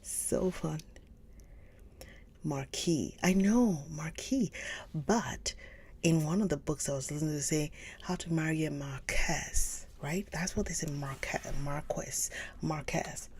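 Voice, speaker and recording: Low, gravelly woman chatting softly. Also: unhurried, slight background noise. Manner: chatty, gushing, often drops to a soft whisper. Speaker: livestream book reader host. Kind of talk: casual chat with live chat viewers.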